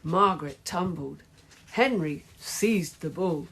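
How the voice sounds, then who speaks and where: A woman reading a children's storybook aloud in slow, measured storytelling. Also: on the low side, vocal fry, a bit bright, slightly rough. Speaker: narrator.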